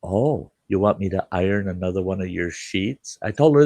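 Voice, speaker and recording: An older man holds forth on his show, animated and profane, laughing his way through the tale. His low voice swings widely in pitch, and it sits close and dry with no room sound. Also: moderate pace, dry recording. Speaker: podcast host. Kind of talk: casual storytelling chat.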